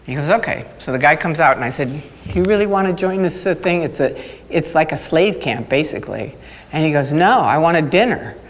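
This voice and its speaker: A woman speaker on stage telling funny stories from her activism in a lively, anecdotal way, laughing as she goes. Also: sits low, a little fast, a little hiss or hum. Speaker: conference speaker. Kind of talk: storytelling talk on stage. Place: conference hall. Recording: hall reverb with audience.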